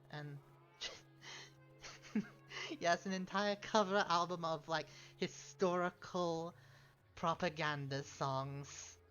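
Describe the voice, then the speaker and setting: A man's voice: a little high, a bit bright. A man chatting casually on a game stream, rambling and correcting himself with chuckling asides. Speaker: streamer playing a strategy game. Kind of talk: casual gaming stream chat. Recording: slightly dull stream audio, faint game music.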